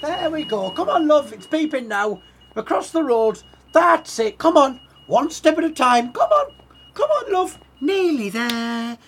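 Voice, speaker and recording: A man's voice: extremely high pitch, big pitch swings, unhurried, fairly bright tone, pitched above the performer's own voice, full character voice. Man playing a fussing busybody lady, bossy and patronising, swooping sing-song voice, overbearing. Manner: fussy, overbearing, calls people love and son. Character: bossy, patronising, chatty middle-aged woman.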